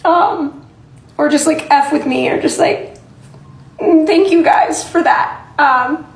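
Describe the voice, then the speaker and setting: A woman content creator talks to her followers while crying. Her voice is high, and she keeps halting, filling the pauses with ums. The sound comes back off the walls of a roomy, echoey space. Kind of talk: tearful casual talk to followers.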